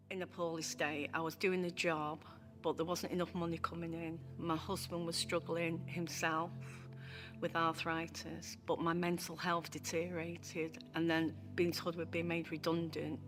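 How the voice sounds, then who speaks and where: A woman's voice: on the low side, fairly bright tone. A woman giving a heartfelt filmed testimony as a former client, often repeating phrases for emphasis.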